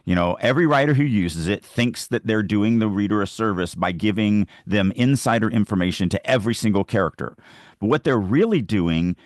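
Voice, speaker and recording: A man with a low voice talks about writing in a podcast chat. He makes emphatic points from the reader's side, recorded dry and close with no room sound. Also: expressive, brisk, no echo. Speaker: podcast co-host. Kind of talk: casual discussion on writing craft.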